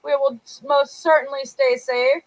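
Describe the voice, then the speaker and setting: Young female co-host, high-pitched, easy casual chatter with comment read-outs. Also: steady tone, moderate pace, poor audio. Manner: chatty, reading out viewer comments. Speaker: podcast co-host. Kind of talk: casual chat.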